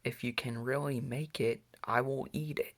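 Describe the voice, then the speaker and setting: A man's voice: medium pitch, steady tone, normal speed, fairly bright tone. A man reading a children's storybook aloud, voicing a curious, somewhat doubtful male cat.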